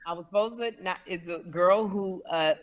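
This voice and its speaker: A woman co-hosts a loose comedy chat in a slightly low voice. She teases her guests and stretches words out in playful, exaggerated ways. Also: normal speed. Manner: playful teasing, exaggerated pronunciations. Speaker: co-host.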